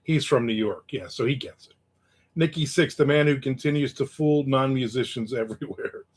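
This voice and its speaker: A man's voice: mid-range voice, moderate pace, breathy edge. Male host, 50s, casual livestream chat; rambling, wisecracking, chuckles often.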